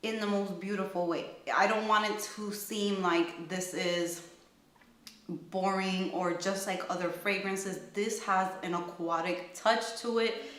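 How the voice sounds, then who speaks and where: A woman's voice: mid-range voice, steady tone, measured pace, fairly bright tone, slight background noise. A woman casually reviewing perfumes, enthusiastic and gushing, thinking aloud as she describes each scent. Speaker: fragrance reviewer. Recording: echoey room.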